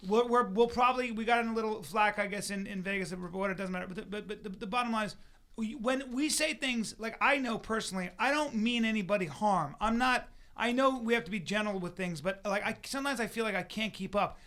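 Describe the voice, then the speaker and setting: A man co-hosting a podcast who talks fast and sits high for a man, tossing out jokes in casual chat. He trips over restarts as the words rush out. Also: a bit bright. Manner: fast, joking, stumbling restarts. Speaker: podcast co-host, comedian.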